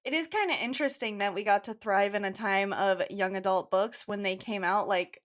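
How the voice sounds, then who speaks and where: A woman's voice: medium pitch, brisk. A young woman co-hosting a casual book podcast, joking and rambling, with self-deprecating humor. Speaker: podcast co-host.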